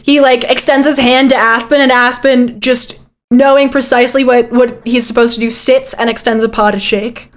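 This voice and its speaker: High-voiced woman running a tabletop game. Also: steady tone, normal speed. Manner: casual, filler-heavy narration. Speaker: game master.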